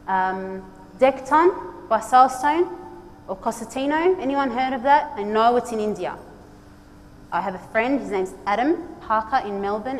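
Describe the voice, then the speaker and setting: High-voiced woman presenting in a hall. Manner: energetic, direct and exhorting, with playful asides. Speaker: design speaker at a trade congress. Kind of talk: conference presentation. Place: large conference hall. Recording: long hall reverb, faint background noise.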